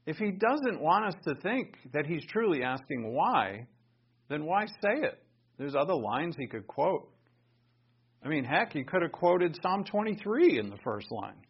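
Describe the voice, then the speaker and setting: A man teaching a Bible lesson in sermon style, conversational and animated, raising his voice for emphasis. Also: fairly high pitch, measured pace, breathy edge. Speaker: pastor teaching. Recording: dull lo-fi recording.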